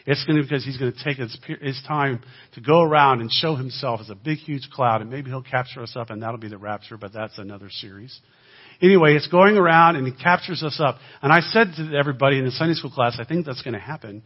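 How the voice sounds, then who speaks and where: Male guest preacher, mid-pitched and husky, animated delivery, dull recording. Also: quick pace, few pauses. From United States. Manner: animated, swings between loud emphasis and quiet asides. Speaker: guest speaker. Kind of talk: sermon-style teaching talk.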